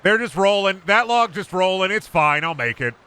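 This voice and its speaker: A young man giving casual, excitable play-by-play on a game stream, swearing freely and chatting to himself and his viewers. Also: sits high, normal speed, clean tone. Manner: excitable, swears a lot, talks to himself and chat. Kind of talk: casual gameplay commentary.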